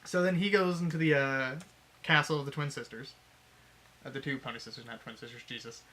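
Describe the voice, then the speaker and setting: A man's voice: medium pitch, steady tone, a little fast, sharp tone. A man casually retelling a fanfic plot on a podcast, laughing and swearing as he acts out the lines. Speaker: podcast co-host.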